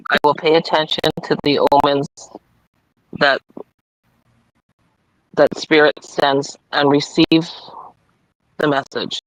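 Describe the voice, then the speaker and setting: A man with a fairly high, light voice reads card messages on a live stream, unhurried and careful. The sound is dry and close, with no room around it. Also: little pitch movement, fairly bright tone, dry recording, low-quality recording. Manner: slow, deliberate card reading with slips and apologies. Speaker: livestream co-host reading cards. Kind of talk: casual live chat, reading affirmations.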